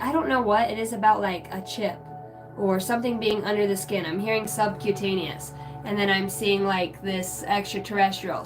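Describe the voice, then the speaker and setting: A woman with a mid-range voice reads tarot cards on a live stream, chatting casually, greeting viewers by name and clearing her throat now and then. The mic sounds distant, with music playing behind her.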